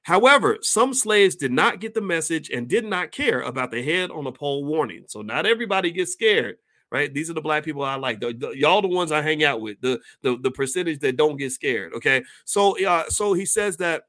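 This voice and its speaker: Man, higher voice, reads aloud, stumbles over words, breaks into asides. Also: a little fast. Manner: reads passages then breaks off into animated asides; restarts and stumbles over words when reading. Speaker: commentator reading from a book. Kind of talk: casual commentary reading aloud.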